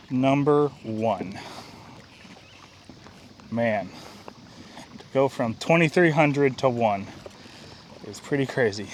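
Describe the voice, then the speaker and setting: A man's voice: mid-range voice, a little hiss or hum. A man vlogging casually outdoors beside a river. He speaks plainly and often repeats himself. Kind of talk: casual outdoor travel vlog.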